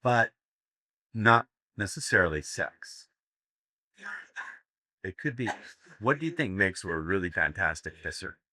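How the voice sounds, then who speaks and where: A man's voice: low-pitched, sing-song, unhurried, pauses often, pushed and bright, no room sound. Dry-sounding man telling seminar jokes. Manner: storytelling, laughs at own jokes, crude humor. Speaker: seminar speaker. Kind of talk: live seminar talk with jokes. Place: seminar room with audience.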